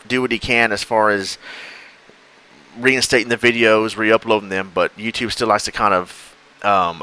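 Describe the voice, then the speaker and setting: Bright-voiced rambling man. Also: on the low side, poor audio. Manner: rambling, laughs, acts out quoted exchanges. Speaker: podcast co-host. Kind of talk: casual chat.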